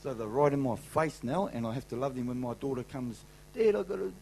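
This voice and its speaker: A man's voice: mid-range voice, fairly even intonation, brisk, a little hiss or hum, rough recording. A middle-aged man with a New Zealand accent, giving an emphatic, colloquial sermon testimony to a convention crowd. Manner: emphatic, colloquial, swings loud and soft. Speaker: convention speaker.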